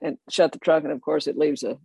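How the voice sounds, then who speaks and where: An older person telling a family story in a lively way, often laughing and acting out the others. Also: mid-range voice, fast, vocal fry, breathy edge, dry recording. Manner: animated, laughing anecdote telling. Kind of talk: oral history storytelling.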